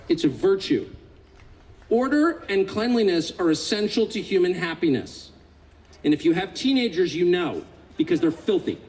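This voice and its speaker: Californian man, 50s, high-pitched and animated, sarcastic political speaker on stage. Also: a little hiss or hum, rough recording. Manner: sarcastic, mocking, builds to indignant outbursts. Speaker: public speaker. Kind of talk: political speech to a live audience.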